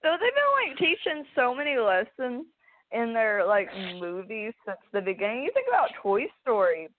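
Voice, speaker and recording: Her voice on the high side and sing-song, a young female podcast host meanders through a story at a moderate pace, frequently starting over and getting emotional. The casual chat sounds phone-like and narrow.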